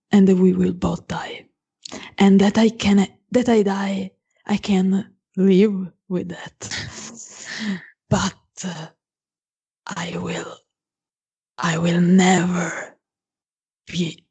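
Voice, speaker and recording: A devoted, fiercely protective vampire woman, as a woman plays her in whispered role-play, her husky whisper gravelly and unhurried. She speaks in halting, earnest vows with a low, rasping hush. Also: heavily acted. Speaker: player.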